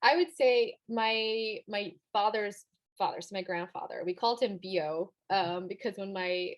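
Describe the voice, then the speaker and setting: A woman in her thirties speaks as a podcast guest in a relaxed, conversational manner. Her voice sits at an ordinary middle pitch. She talks earnestly and with sentiment. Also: a little slow. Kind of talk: casual interview chat.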